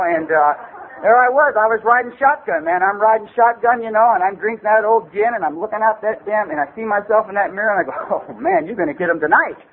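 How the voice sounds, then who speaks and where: Comic personal storytelling comes from a middle-aged Los Angeles-area man speaking at a recovery meeting in a high voice. His delivery wanders loosely, heavy on "man" and "you know," and the sound is tinny and phone-like with a faint hiss.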